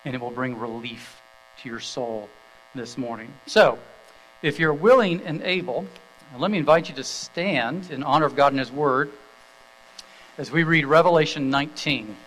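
A man's voice: medium pitch, normal speed, a bit bright, low-quality recording. A middle-aged man preaching a sermon, telling a story in an easy, conversational way with small fillers, then reading scripture aloud. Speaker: pastor.

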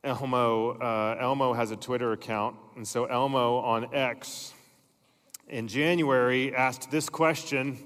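A middle-aged male pastor preaching a sermon in a church, telling stories and dropping his voice to soft, slow emphasis. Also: medium pitch, big-room sound. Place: church sanctuary.

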